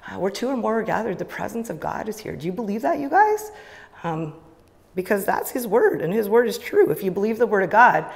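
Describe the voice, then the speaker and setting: A church leader gives the offering talk in the sanctuary, her mid-range voice a little mellow with some vocal fry. She addresses the congregation casually and enthusiastically, using many fillers, and the recording carries a long church-hall reverb.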